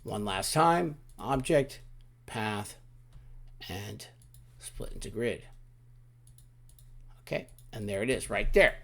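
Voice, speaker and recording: A man teaching a software tutorial, talking casually through each click with frequent restarts and asides. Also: lowish voice, lively intonation, slow, vocal fry, pauses often. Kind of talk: screen-recorded software walkthrough.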